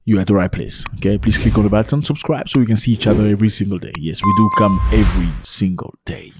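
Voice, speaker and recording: A man from Africa, hosting a casual opinion vlog outdoors and firing rhetorical questions at his viewers in an excitable way. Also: fairly low pitch, fast talker, heavy background noise. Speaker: vlogger host. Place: outdoors in cold weather.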